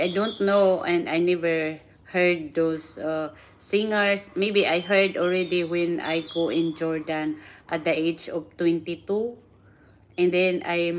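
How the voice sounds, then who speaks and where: A woman's voice: fairly low pitch, steady tone, unhurried, slight background noise. A woman hosting a casual livestream, chatting and laughing often, speaking as a with simple, repeated phrasing. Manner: chatty, laughs often, repeats words, non-native grammar. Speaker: livestream host.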